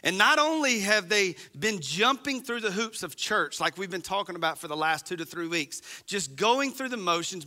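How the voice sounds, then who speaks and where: A man's voice: sits high, pushed and bright. A man preaching a sermon as pastor, talking conversationally and straight to his congregation.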